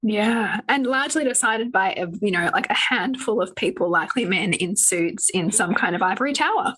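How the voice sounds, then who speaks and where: A woman's voice: mid-range voice, expressive, normal speed, fairly bright tone, breathy edge, low-quality recording. A woman hosting a podcast, chatting casually and thinking aloud in a reflective way. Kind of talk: casual conversational chat.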